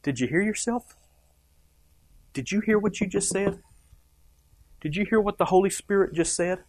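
A man's voice: sits high, moderate pace, a little mellow, no room sound. A man preaching a sermon, emphatic and rising and dropping for effect, asking the congregation questions. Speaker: pastor.

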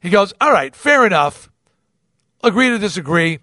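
Male podcast host, animated raconteur voicing the other people in his stories; slightly high voice, dry close mic. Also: moderate pace, no room sound. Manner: animated, acts out quoted dialogue, swears freely. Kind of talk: casual storytelling monologue.

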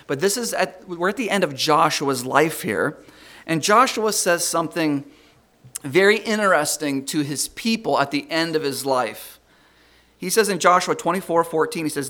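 A middle-aged man preaching a conversational sermon, stumbling over repeated words and rising loud and slow when he reads scripture. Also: on the high side.

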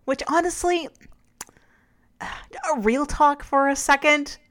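A woman's voice: high voice, takes it slowly, a crowd in the background. A woman co-hosting a podcast, talking frankly and chattily with lots of "like" and restarts. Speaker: podcast co-host. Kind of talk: casual podcast chat.

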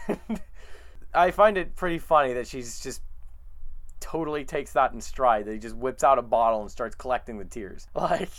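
A man co-hosting a podcast, recapping a show in a relaxed storytelling way with quiet chuckles. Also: medium pitch, normal speed. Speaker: podcast co-host. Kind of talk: casual chat recapping a show.

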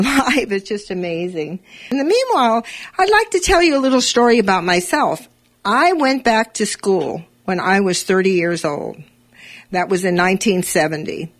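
A woman in her eighties hosting a live radio talk show, telling a personal story and lifting her voice when she quotes herself. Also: mid-range voice. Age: 80s. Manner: animated, voice rises when quoting herself. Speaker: radio host.

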